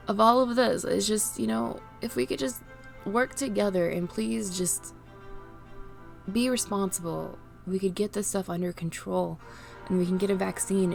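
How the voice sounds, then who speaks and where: A woman vlogging unscripted while grieving, near tears, pleading and halting with restarts. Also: medium pitch, gravelly. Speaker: streamer and vlogger. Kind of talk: unscripted emotional vlog.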